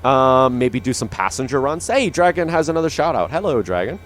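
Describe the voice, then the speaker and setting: Speaking into a dynamic studio mic, a young gaming host gives rambling, casual commentary on his gameplay, packed with fillers and restarts. His mid-range voice moves briskly in a sing-song way against a noisy background.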